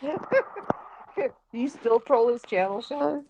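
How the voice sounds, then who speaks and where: A woman's voice: on the high side, slow, muffled recording, noisy background. A woman hosting a casual live stream, laughing often as she chats. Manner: laughs a lot, giggly. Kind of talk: casual chat.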